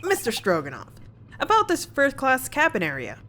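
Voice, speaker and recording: A woman's voice: sits high, huge pitch swings, normal speed, pushed and bright, a little hiss or hum, pitched above the performer's own voice, heavily acted. A woman voicing a polite, hesitant young male student lawyer as she reads game dialogue aloud.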